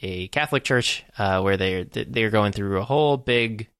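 A man casually talking about a film with a friend, recapping the plot slowly with lots of fillers. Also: on the low side, a bit bright, smooth, no echo, studio quality. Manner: recaps plot in a halting, unhurried way with many fillers. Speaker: podcast co-host.

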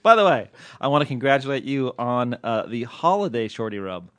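Man, podcast host, casual banter, jokey, self-mocking, medium pitch, dry close mic. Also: very animated, a little fast, no echo.

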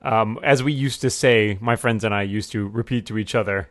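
A man's voice: fairly low pitch, moderate pace, no echo. A man hosting a casual movie commentary podcast, wry and joking, on a close mic. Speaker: podcast host.

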